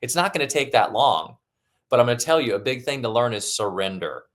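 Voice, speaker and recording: A man's voice: medium pitch, big pitch swings, brisk, a bit bright. A man presenting a motivational webinar as a coach, talking conversationally and acting out his own thoughts as examples. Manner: conversational, acts out his own inner dialogue.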